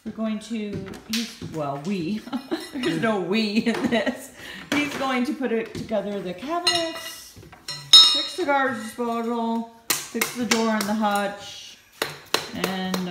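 A woman's voice: fairly high pitch, very noisy. A middle-aged woman with a Southern accent, chatting casually and rambling as she vlogs her day. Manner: chatty, rambling, self-mocking. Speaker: home vlogger. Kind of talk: casual vlog chat.

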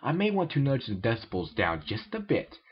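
A man's voice: mid-range voice, huge pitch swings, husky, highs cut off. A man doing a pompous alien inventor. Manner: stiff, formal, slow.

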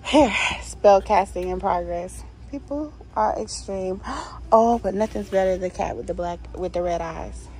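A woman's voice: medium pitch, normal speed, mellow, slight background noise, poor audio. A woman vlogging casually as she walks through a store, chatting and gushing over holiday decor and reading signs aloud. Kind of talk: casual shop-along vlog. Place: inside a store.

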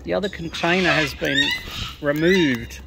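A woman's voice: deep voice, a little slow, vocal fry, very noisy. A woman talking to the wild birds she is feeding outdoors, in coaxing sing-song baby talk. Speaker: bird-feeding vlogger. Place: outdoors in a garden. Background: bird calls and animal sounds.

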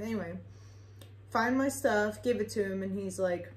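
A woman's voice: medium pitch, moderate pace. Chatty young woman in an echoey room. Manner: chatty, rambling, swears freely, filler-heavy. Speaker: vlogger. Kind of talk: casual storytime.

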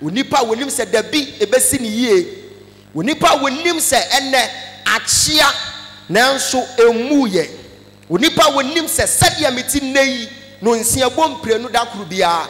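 A Ghanaian man preaching a sermon, animated, mixing Twi with English phrases and breaking into shouts. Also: extremely high pitch, moderate pace, in a large hall, faint music behind. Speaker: pastor.

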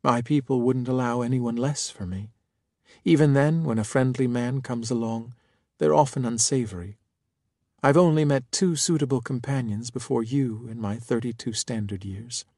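A man voicing a gentle, innocent-seeming alien female ruler in her thirties, speaking softly and earnestly in an audiobook. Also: medium pitch, normal speed, dry recording, clean studio sound, lightly acted.

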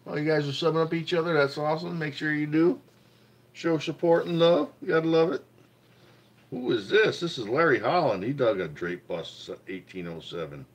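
On the high side and animated, this man's voice keeps a normal speed as he hosts a casual livestream. He reads finds from a magazine with enthusiasm, repeats his praise, and calls out greetings to chat.

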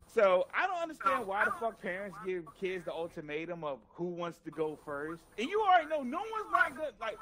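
A man shares a childhood story with his friends in a loose, profane, laughing style. His voice sits high for a man and swings widely in pitch. He tells it with lively, animated energy. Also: fairly quick, few pauses. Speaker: gaming channel host.

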